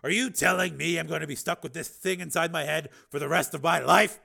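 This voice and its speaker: A man's voice: fairly high pitch, animated, quick pace, creaky, sharp tone, pitched above the performer's own voice, heavily acted. A man voicing a bitter, wary police lieutenant who speaks tensely and with dry sarcasm. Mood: alarmed. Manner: tense, sardonic.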